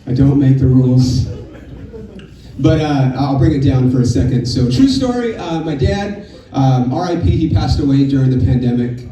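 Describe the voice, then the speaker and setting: A man's voice: medium pitch, expressive, normal speed. Chatty male comic, echoey club. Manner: loose and chatty, often says dude. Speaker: stand-up comedian. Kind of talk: stand-up set. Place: live comedy club. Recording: echoey club, distant mic, audience audible. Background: crowd noise.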